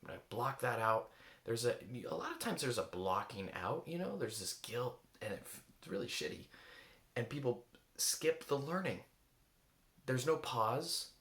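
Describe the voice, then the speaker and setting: A man's voice: mid-range voice, very animated, unhurried, fairly bright tone, roomy sound. A man giving a reflective coaching talk, searching for words and asking many rhetorical questions. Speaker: eating coach.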